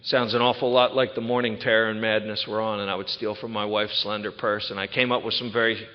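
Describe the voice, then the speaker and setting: A middle-aged man tells his recovery story to a retreat audience, lively and full of quick asides. His voice carries a long reverb from a large hall, and the recording sounds dull and lo-fi. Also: lowish voice. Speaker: recovery speaker. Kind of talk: personal recovery talk at a retreat.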